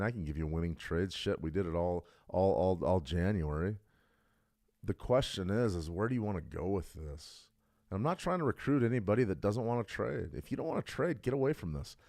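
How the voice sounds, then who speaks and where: A man's voice: low-pitched, a little mellow, dry recording, studio quality. A middle-aged man hosting a trading livestream, talking bluntly and casually, building to emphatic outbursts. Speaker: trading stream host.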